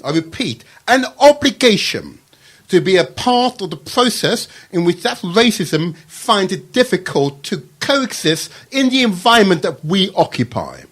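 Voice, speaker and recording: Emphatic male radio guest with a lively, swinging pitch and a slightly high voice. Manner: emphatic, repeats key words. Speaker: studio guest. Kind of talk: radio debate.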